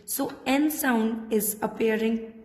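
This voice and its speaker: A woman's voice: on the high side, takes it slowly, darkish tone. A woman teaching a French class patiently, spelling out letters and repeating words. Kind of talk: classroom lesson. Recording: echoey room with long reverb.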